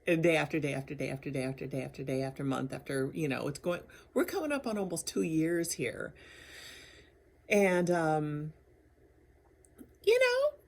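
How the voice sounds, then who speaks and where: A woman's voice: low voice, normal speed, creaky, a little mellow. A woman talking candidly in a personal video diary, rambling and laughing often between thoughts. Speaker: vlogger.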